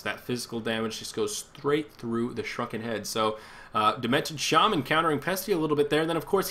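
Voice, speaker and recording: A man's voice: on the high side, fairly bright tone. A man casting a live video game match solo, giving chatty play-by-play and thinking aloud as he corrects himself. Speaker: esports caster.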